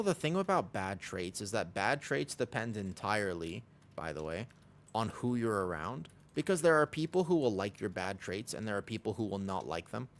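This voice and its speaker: A man streaming a game, chatting casually with viewers in a rambling way. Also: fairly low pitch. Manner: rambling, lots of "like" fillers. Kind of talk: casual livestream chat.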